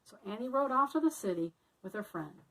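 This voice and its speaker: A woman teacher reading a picture book aloud to children in a friendly, expressive way. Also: medium pitch, fairly quick, vocal fry, recorded from a distance, rough recording.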